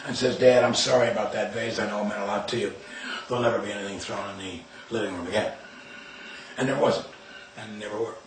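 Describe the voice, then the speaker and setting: Older male speaker, emphatic storyteller, mid-pitched, miked from afar in an echoey room with faint hiss. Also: a bit bright. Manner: anecdotal, emphatic, acts out quoted lines. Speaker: speaker on discipline and verbal judo. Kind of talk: storytelling talk. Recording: far from mic in a roomy space with faint noise.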